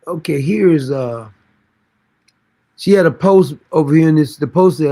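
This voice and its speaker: A man's voice: fairly high pitch, normal speed, pauses often, dark tone. A man hosting a commentary stream, reacting to news clips in a sarcastic, mocking, slangy way. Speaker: commentary host.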